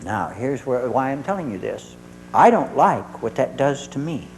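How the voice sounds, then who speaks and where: A man's voice: mid-range voice, normal speed, slight background noise, rough recording. Middle-aged therapist guy telling a funny story, acts out the lines, voice jumps all over. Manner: lively storyteller who acts out dialogue. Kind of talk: humorous storytelling talk to an audience.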